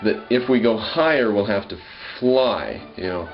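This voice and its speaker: A man with a fairly low voice reads his own verses aloud, then talks through the writing process in a loose, musing way, pausing on ums and restarting his sentences. The recording is dull and lo-fi, with faint music underneath. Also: expressive. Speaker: poet. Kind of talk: casual spoken commentary on his own poem.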